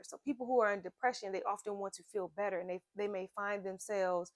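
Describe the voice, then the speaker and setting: A woman's voice: mid-range voice, no echo, clean studio sound. A woman giving an earnest, conversational faith and health talk, repeating phrases for emphasis and acting out little scenes.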